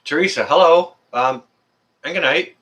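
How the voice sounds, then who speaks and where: A man's voice: fairly high pitch, moderate pace, sharp tone. A man from Canada hosting a casual live stream, greeting viewers by name in a friendly, rambling way with many fillers.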